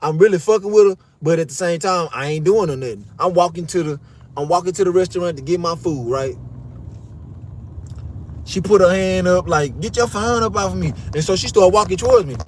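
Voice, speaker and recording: A young man telling a story in a casual, animated rant, swearing often and repeating himself. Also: sits high, a little fast, a little hiss or hum.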